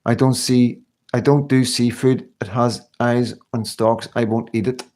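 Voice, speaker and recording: A man's voice: medium pitch, little pitch movement, measured pace, a little mellow. Rambling, chatty man. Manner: rambling, chatty, many fillers and tag questions. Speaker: livestream host. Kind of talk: casual livestream chat reading comments.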